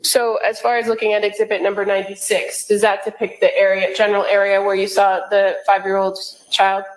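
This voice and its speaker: A woman prosecutor questioning a witness in a courtroom, in measured, methodical questions with frequent pauses. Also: mid-range voice, flat delivery. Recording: echoey courtroom audio.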